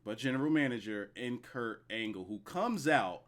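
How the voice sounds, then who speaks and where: A man's voice: mid-range voice, lively intonation, moderate pace. A man giving a casual, profane, rambling solo review of a wrestling show at his computer.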